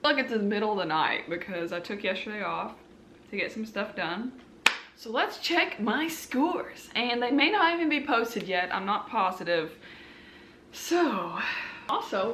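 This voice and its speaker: A woman's voice: fairly high pitch, big pitch swings, moderate pace, a bit bright. A woman in her twenties vlogging casually, chatty and rambling, with light self-mocking laughs. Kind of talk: casual vlog chat to camera. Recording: echoey room with faint background hum.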